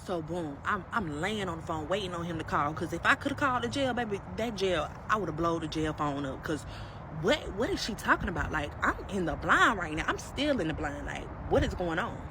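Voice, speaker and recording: A woman's voice: on the low side, a little fast, few pauses. Emphatic woman telling a story outdoors. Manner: emphatic, animated, talks straight to viewers. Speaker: storyteller in a played clip. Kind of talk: casual storytime. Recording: street noise with passing vehicles.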